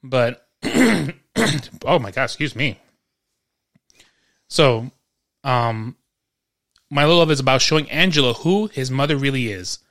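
A man's voice: mid-range voice, a little slow, long pauses, a bit bright. Rambling man chatting on a podcast. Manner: rambling storyteller with frequent restarts and throat clearing. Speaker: podcast co-host. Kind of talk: casual chat. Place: home.

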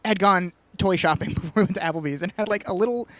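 A man's voice: high-pitched, quick pace, no room sound. A man co-hosting a podcast, telling a story in casual chat and chuckling as he goes. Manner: chuckling, animated anecdote-telling. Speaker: podcast co-host.

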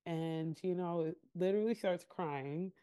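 A podcast co-host with a lowish, smooth voice and an unhurried pace casually recaps a reality show. She tells it in an animated way, acting out what people said and laughing often.

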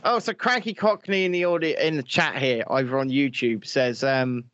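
A man's voice: medium pitch, moderate pace, fairly bright tone, no room sound, dull audio. A man hosting a live stream, chatting casually, reading out viewer comments and swearing freely.

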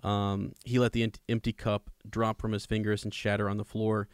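A man with a fairly low voice talks through a book scene in a rambling, emphatic way, often restarting his sentences. The sound is close and dry. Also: flat delivery, moderate pace, few pauses, clean tone, no echo. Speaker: podcast co-host discussing a book. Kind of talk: casual chat with read-aloud passages.

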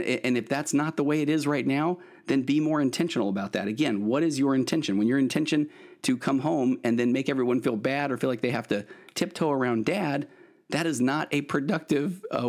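A man's voice: medium pitch, fairly quick, a little mellow. A middle-aged man, a therapist hosting his podcast, giving earnest advice in a rambling way with many restarts. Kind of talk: solo podcast monologue, advice.

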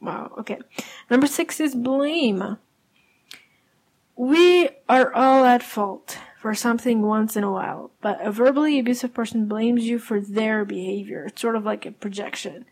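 A young woman with a slightly high voice talks through her podcast topic alone. She explains conversationally, with fillers and self-corrections, in a casual solo podcast style. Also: normal speed, darkish tone. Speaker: podcast host.

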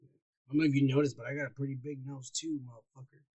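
A man co-hosting a podcast, loud and profane, who teases and shouts through drunken banter. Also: mid-range voice, fairly even intonation, quick pace, husky. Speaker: podcast co-host.

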